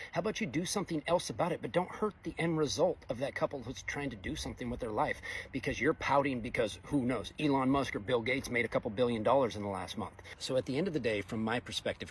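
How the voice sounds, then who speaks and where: A middle-aged man delivers a blunt, exasperated monologue, fast and preachy. His voice sits at an ordinary middle pitch. A faint hum of background noise runs underneath. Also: a bit bright. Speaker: fabricator welder. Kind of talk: casual opinion monologue.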